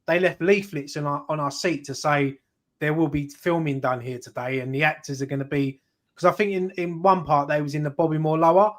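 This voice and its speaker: A man's voice: a little high, fairly even intonation, brisk. A man telling rambling stories in a casual football chat with a co-host. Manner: rambling, anecdotal, swears casually. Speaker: fan channel co-host.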